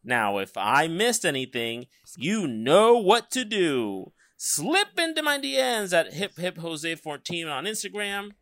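A man hosting a podcast, wrapping up a segment in a quick, teasing way. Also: high voice, big pitch swings, fairly bright tone. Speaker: podcast host. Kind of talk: casual podcast segment wrap-up.

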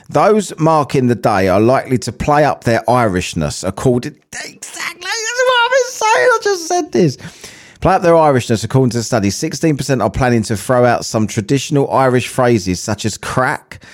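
A man's voice: on the low side, darkish tone. Sweary man hosting a podcast. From England. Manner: sweary, banter-filled, laughs at his own jokes. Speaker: podcast host. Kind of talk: casual chat, reading a news article aloud.

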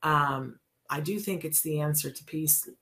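Casual host: a woman with a lowish voice who chats and rambles with her audience. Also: measured pace. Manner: chatty, rambling, warm asides and self-corrections. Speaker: show host. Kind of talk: casual radio talk show chat.

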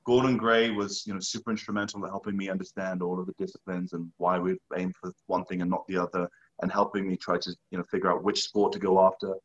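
A man in conversation telling a long story with lively acted-out quotes. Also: deep voice, fast talker, dull audio. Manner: animated, acts out quoted dialogue. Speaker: guest, skier.

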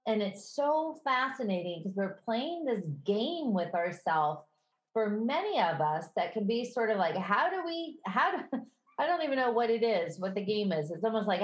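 A woman with a Midwestern accent co-hosting a casual podcast chat, candid and quick to laugh. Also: medium pitch, sing-song. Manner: chatty, laughs often, candid. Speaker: podcast co-host. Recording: echoey room.

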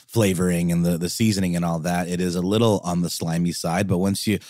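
A man co-hosting a podcast, talking in a rambling, jokey, animated way. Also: deep voice, fast talker, dry recording, clean studio sound. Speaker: podcast co-host. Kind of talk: casual chat.

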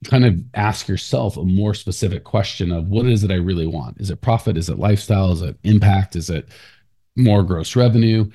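Lowish-voiced guy hosting a podcast, chatty, rambly, laughs a lot. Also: warm tone. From United States. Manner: loose, talky, laughs often, lots of fillers. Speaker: podcast host. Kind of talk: casual podcast chat.

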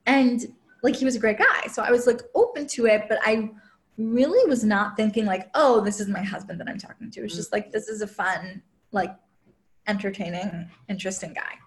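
A woman guest and relationship coach telling a personal story in casual chat, full of "like" fillers and quoted asides. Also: fairly high pitch. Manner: chatty, heavy use of "like" fillers; quotes herself and others in lively asides.

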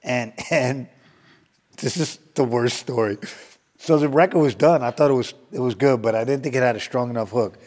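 A man's voice: mid-range voice, normal speed, darkish tone, long reverb tail. A man telling a story in a casual interview, acting out quotes, laughing often and swearing freely. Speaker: guest storyteller.

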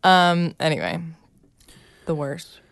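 A woman with a low voice chats about her kids, laughing often and mimicking them. The recording is dry and close. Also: very animated, slow pace, vocal fry, smooth, no echo. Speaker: podcast co-host, mother. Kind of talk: casual storytelling chat.

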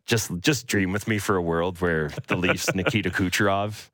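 Man, sports radio host, lowish voice, dry studio sound, playful banter. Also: moderate pace, fairly bright tone, no echo. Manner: playful, breaks into mocking high voices for imagined quotes. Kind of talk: animated sports radio chat. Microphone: studio microphone.

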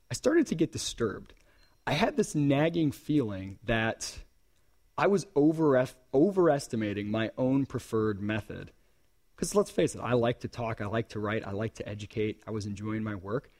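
A man giving a live conference talk in a hall, animated and joking with the audience between points. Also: mid-range voice. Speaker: conference speaker.

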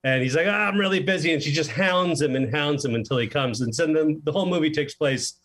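Lively, fairly high-voiced male director. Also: brisk. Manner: animated storyteller who acts out quoted lines. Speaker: film director, guest. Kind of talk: casual interview chat.

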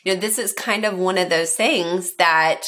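A woman's voice: lowish voice, normal speed, fairly bright tone. Upbeat woman hosting a podcast. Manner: upbeat, encouraging. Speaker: podcast host. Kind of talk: casual podcast chat.

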